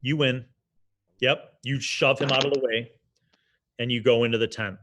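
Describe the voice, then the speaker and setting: A man's voice: mid-range voice, steady tone, moderate pace, fairly bright tone, slight background noise. Man narrating as game master. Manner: descriptive, casual, with fillers.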